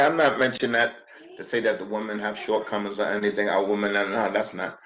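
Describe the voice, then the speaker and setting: A man teaching a religious class, animated, repeating himself and acting out quotes. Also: on the low side, dull audio. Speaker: Arabic teacher.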